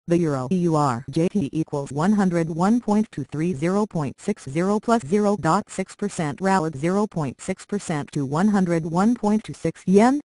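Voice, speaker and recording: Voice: mid-range voice, darkish tone, dry recording, low-quality recording. A text-to-speech voice reading a news article in a mechanical, evenly paced way, spelling out numbers and symbols literally. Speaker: news reader.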